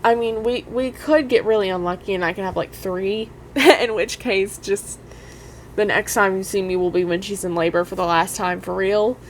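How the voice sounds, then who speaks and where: A young woman giving casual, excitable commentary over a life-sim game, talking straight to her viewers and gushing nervously. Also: medium pitch, moderate pace, a little hiss or hum. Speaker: gaming YouTuber.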